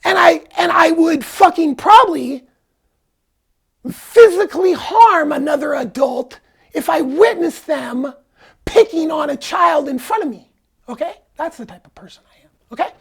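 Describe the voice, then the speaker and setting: A man's voice: very high voice, expressive, measured pace, creaky. A man telling a personal story in a casual vlog, angry, profane and rambling. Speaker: vlogger.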